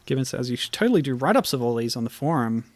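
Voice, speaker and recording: A man streaming and commenting on old web games, talking in a hesitant, halting way with many fillers and sometimes reading the game text aloud. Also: mid-range voice, sing-song, dry recording. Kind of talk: casual gameplay commentary.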